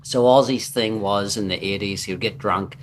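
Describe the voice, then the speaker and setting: A man with a Northern Irish accent, a guest on a casual chat show, telling stories in an animated way. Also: fairly low pitch, moderate pace, background noise. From Northern Ireland. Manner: animated storyteller who acts out quotes.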